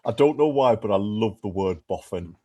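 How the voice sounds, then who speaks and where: A man chatting as a contestant on a podcast quiz, relaxed and amused. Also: fairly low pitch, normal speed. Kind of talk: casual podcast chat.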